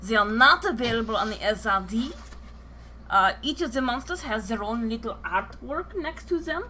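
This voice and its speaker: Woman GM host, bright tense tone, loose and profane. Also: a little high, lively intonation, moderate pace, a little hiss or hum. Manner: filler-heavy, joking, swears freely. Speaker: game master and streamer. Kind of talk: casual live-stream chat.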